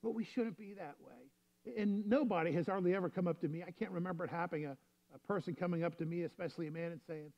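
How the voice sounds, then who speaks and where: Male pastor, fairly high voice, easygoing storytelling sermon, dull lo-fi recording. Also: fast, vocal fry. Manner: storytelling, conversational preaching.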